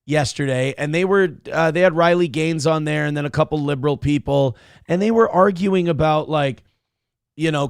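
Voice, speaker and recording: A man hosting a morning show, chatting in a rambling, profane, animated way and reading out viewers' messages. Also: on the high side, moderate pace, clear, resonant tone, dry recording, studio quality. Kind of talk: casual livestream chat.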